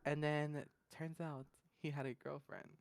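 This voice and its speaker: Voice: mid-range voice, level tone, a little slow, vocal fry, crowd noise. A podcast host telling a story in casual chat, rambling, laughing often, filling gaps with "da, da, da" and blunt slang.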